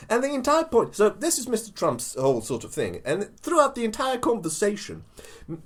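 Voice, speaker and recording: Animated podcast man, lively pitch. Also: a little fast. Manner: animated, stumbling restarts while retelling. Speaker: podcast co-host. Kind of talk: casual chat.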